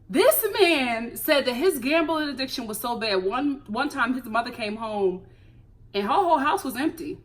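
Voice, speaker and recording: A young American woman with a high, bright voice and a pitch that swings widely. She reviews a reality show in a sassy, animated way and laughs often. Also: normal speed. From United States. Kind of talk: casual reality TV commentary.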